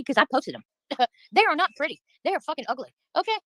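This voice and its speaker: Woman, livestreamer, furious profane rant, fairly high voice, dry sound. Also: very animated, quick pace, a bit bright, no echo, rough recording. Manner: profane, heated and venting.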